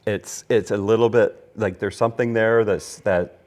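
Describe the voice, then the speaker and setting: Low-voiced man hosting a whiskey chat. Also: steady tone, moderate pace, darkish tone. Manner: rambling storyteller, lots of restarts and fillers. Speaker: podcast host. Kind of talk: casual whiskey tasting chat.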